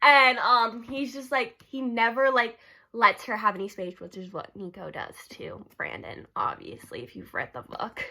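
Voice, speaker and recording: Giggly high-voiced young woman gushing. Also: lively intonation, moderate pace, pushed and bright. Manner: giggly, gushing, heavy use of "like". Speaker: book vlogger. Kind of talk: casual rambling vlog.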